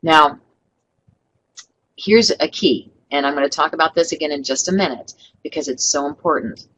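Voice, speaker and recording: A woman's voice: low voice, moderate pace, a bit bright, a little hiss or hum, low-quality recording. A middle-aged woman running an online training webinar, upbeat and coaching, who acts out sample customer lines.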